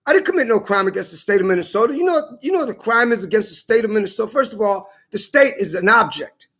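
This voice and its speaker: A man's voice: sits high, expressive, quick pace, bright, forceful tone. A man ranting defiantly on video, hammering his points with emphatic repetition. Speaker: vlogger. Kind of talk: angry video rant.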